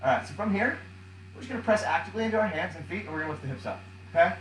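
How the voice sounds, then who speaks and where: A man's voice: high voice, lively intonation, rapid-fire, echoey room, a little hiss or hum, rough recording. A man coaching a home workout as he does it, counting reps aloud, out of breath, with upbeat cues. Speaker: fitness coach. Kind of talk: guiding a workout while doing it.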